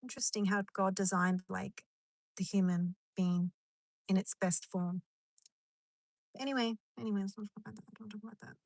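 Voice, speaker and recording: A woman's voice: medium pitch, fairly even intonation, normal speed, creaky, pauses often, no echo. A woman chatting on a live stream from her car in a rambling, chatty way, answering comments as they come in. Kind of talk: casual live stream chat.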